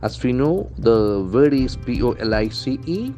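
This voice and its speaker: A man teaching vocabulary from newspaper headlines, repeating and spelling out words slowly. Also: medium pitch, sing-song, dark tone, faint music behind. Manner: slow, repetitive, spells out and stresses words. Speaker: English language trainer.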